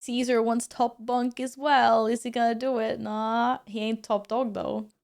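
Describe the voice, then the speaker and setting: A young woman chats on her stream in a relaxed, casual way, her voice a touch higher than most. She laughs often and breaks into quick exclamations as she talks with her viewers. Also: creaky. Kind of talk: casual chat, reading chat and commenting on her cats.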